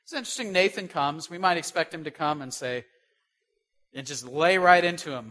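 Bright-voiced male preacher. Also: a little high, expressive, moderate pace. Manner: asks the listeners rhetorical questions; stresses key words, swings between loud and soft. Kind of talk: sermon.

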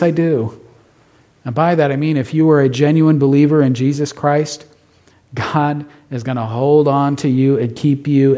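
A man's voice: mid-range voice, warm tone. A man preaching a sermon as pastor, emphatic, asking rhetorical questions of his congregation.

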